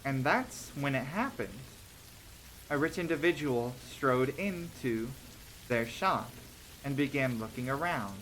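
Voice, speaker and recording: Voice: mid-range voice, animated, unhurried, fairly bright tone, a little hiss or hum. A streamer telling short stories on a casual livestream, hesitant with many ums and restarts, laughing between thoughts.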